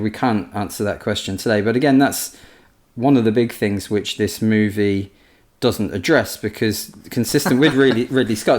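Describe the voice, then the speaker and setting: A man co-hosting a history podcast, a historian chatting casually and acting out anecdotes in quick put-on voices. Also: on the low side. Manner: chatty, storytelling, animated impressions.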